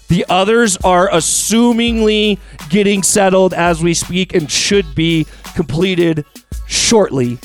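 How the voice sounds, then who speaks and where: A man hosting a casual sports talk show, chatty and animated as he leads the topics. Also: high voice.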